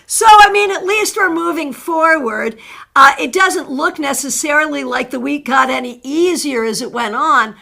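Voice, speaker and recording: Bright, gravelly-voiced woman tarot host. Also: sits high, normal speed. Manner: chatty and encouraging, greets viewers by name. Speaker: tarot reader hosting a live stream. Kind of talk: casual live-stream chat reading viewers' cards.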